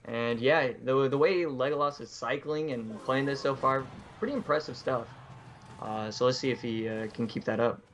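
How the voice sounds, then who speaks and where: A man's voice: medium pitch, normal speed, fairly bright tone. A man co-casting a live esports match, analysing plays loosely with many fillers and restarts. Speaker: esports co-caster.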